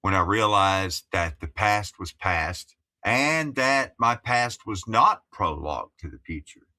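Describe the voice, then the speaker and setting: A man's voice: on the low side, expressive, takes it slowly, bright, forceful tone. A man in his fifties from Appalachia, a musician guest talking in careful broadcast English, chatty and digressive with many restarts. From Appalachia, USA. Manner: digressive, chatty, lots of you-knows and restarts. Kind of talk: casual interview chat.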